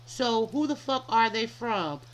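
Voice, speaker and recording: A woman's voice: a little high, lively intonation, measured pace, low-quality recording. A woman reading the lines of a jealous, violent man from a book, in her own everyday voice. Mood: angry.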